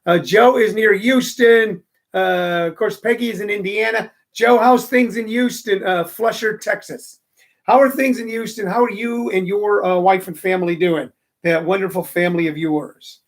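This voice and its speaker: Middle-aged male host, high gravelly voice, loose rambling live-stream chatter. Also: steady tone, normal speed. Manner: rambling, chatty, many fillers. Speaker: comedy radio show host. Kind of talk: casual live-stream chat. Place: room with phone and microphone. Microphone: studio microphone.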